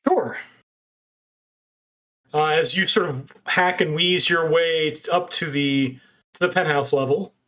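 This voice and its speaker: A man's voice: on the high side, measured pace, long pauses, bright, forceful tone. A man running a tabletop role-playing game, narrating scenes and explaining rules. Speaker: game master.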